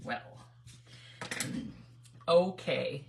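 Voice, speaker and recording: A woman's voice: low-pitched, extremely slow, vocal fry, a little mellow, a little hiss or hum. A middle-aged woman from Michigan hosting a craft livestream, chatty, laughing often and greeting viewers by name. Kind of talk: casual livestream crafting chat.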